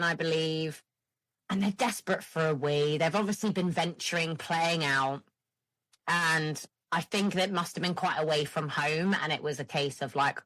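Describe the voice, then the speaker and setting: A woman tells a story in casual podcast chat. Her voice is fairly low and she is animated and quick to swear. The recording is dry and close to the mic. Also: no echo. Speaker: podcast host.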